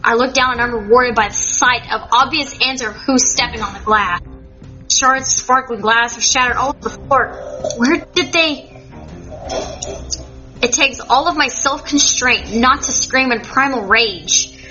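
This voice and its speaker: A woman narrates a story aloud in first person, dramatic and indignant. Her voice is high and bright, and the recording is slightly dull with faint music underneath. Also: measured pace. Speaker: audiobook reader.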